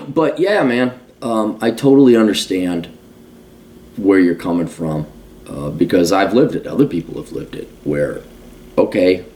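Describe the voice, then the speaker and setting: A man's voice: sits low, animated, measured pace, a little mellow. A man in his forties in a casual monologue as a podcast host, blunt and profane, ranting. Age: 40s.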